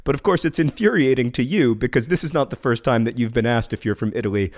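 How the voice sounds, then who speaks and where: A man co-hosting a podcast in relaxed, casual chat. He delivers his lines with a dry, wry wit and laughs easily. His voice has an ordinary middle pitch for a man. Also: fast talker. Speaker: podcast co-host.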